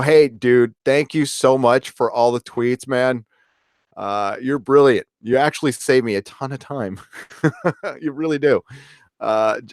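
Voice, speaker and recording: A man's voice: medium pitch, dry recording, clean studio sound. A middle-aged man hosting a casual live stream, reading chat aloud in a rambling way full of fillers and restarts. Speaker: livestream host reading chat.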